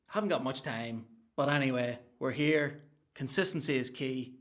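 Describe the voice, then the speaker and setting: A man's voice: medium pitch, normal speed. A man hosting a solo comedy podcast at home, rambling and joking with lots of swearing. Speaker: podcast host. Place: home room with green screen.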